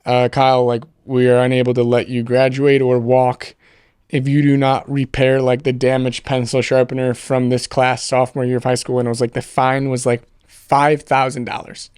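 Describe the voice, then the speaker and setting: A man's voice: mid-range voice, completely flat delivery, moderate pace, a little mellow, clean tone, dry recording, studio quality. Young man telling a rambling, profane story. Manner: rambling storyteller, swears freely, many fillers. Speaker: podcast guest. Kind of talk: casual podcast chat.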